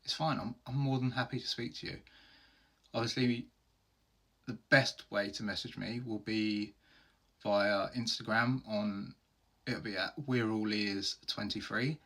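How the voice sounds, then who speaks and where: Male host, low gravelly husky voice, candid and earnest, solo Q&A video. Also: steady tone, unhurried, fairly bright tone. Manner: earnest, open and heartfelt, with plain everyday phrasing. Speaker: host answering viewer questions.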